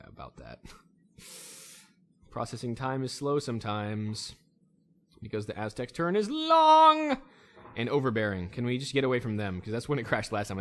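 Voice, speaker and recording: A man's voice: on the low side, slight background noise. A man hosting a let's play, giving casual, rambling gameplay commentary and talking to himself and the game. He jokes often and slips into goofy voices and bits of song.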